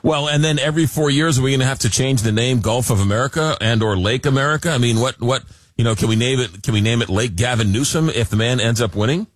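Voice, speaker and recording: A man's voice: mid-range voice, fast, no echo, studio quality. A man hosting a talk radio show, chatty and jokey, often repeating words as he goes.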